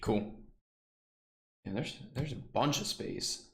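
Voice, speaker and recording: A man who is losing his voice from a sore throat, hosting a casual live stock trading stream and reading out price levels slowly. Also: mid-range voice, creaky, fairly bright tone, roomy sound. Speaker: stock trading livestream host. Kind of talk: casual live market commentary.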